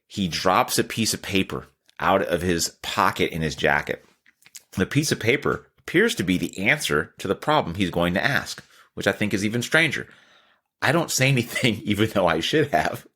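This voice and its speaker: A man's voice: deep voice, lively intonation, moderate pace, bright, forceful tone, husky. A man, telling a candid, self-deprecating story in a casual podcast chat. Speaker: podcast host.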